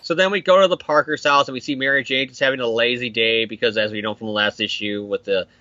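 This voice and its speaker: A man's voice: medium pitch, quick pace, sharp tone, no echo, highs cut off. A man casually recapping a comic issue as a podcast host, swearing, joking and slipping into goofy voices for the characters. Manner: profane, jokey, slips into silly character voices.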